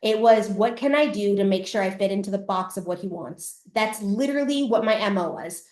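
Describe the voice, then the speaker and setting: A middle-aged woman from Canada hosts a live masterclass and tells her story with blunt, profane candor. She keeps her voice at an ordinary middle pitch. The sound has a roomy echo around it. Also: a little fast, darkish tone. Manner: candid, swears freely, acts out past selves. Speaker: podcast host and coach. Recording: echoey room.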